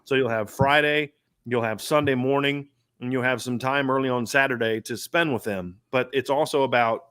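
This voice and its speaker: A man's voice: medium pitch, a bit bright. A man hosting a sports podcast, talking in an emphatic, rambling way with many restarts. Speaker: podcast host. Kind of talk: casual sports talk.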